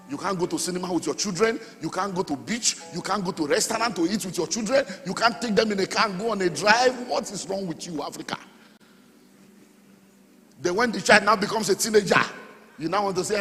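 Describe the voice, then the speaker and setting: Nigerian man, middle-aged pastor, fairly high voice, lively sermon with shouts, echoing church hall, faint music. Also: brisk. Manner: animated, preaching with sudden shouts and sung phrases.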